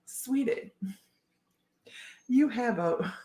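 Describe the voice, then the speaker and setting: A woman's voice: on the high side, lively intonation, drawn-out words, mellow, voice pushed up. A woman voicing a sassy, crude woman from a joke card in a put-on Southern US accent. She sounds syrupy and mock-sweet. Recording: roomy echo.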